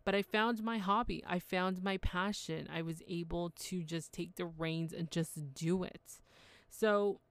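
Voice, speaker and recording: A woman hosts her podcast alone, talking in a chatty, heartfelt way. Her voice sits very low with a gravelly edge, and the recording is dry and close. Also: a little slow, no echo. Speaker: podcast host. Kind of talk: solo podcast monologue.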